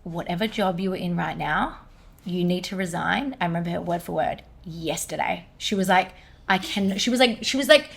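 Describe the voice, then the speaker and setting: A woman's voice: lowish voice, fairly quick, creaky. Young woman, energy healer guest, casual storyteller who animates quotes. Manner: animated retelling, quoting others in lively bursts. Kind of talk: podcast conversation, storytelling.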